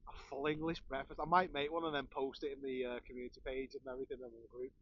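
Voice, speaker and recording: A man's voice: mid-range voice, lively intonation, very fast, dull audio. A man with a Scouse accent, chatting and ranting with a laugh as he hosts a live stream. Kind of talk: casual chat.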